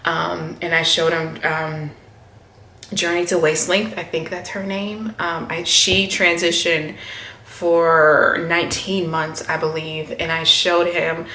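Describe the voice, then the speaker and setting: A woman's voice: on the low side, level tone, takes it slowly, pushed and bright, a little hiss or hum. Chatty woman vlogger in an echoey room. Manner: chatty, many "um"s and quoted voices of family. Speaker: hair vlogger. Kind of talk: casual chat to camera.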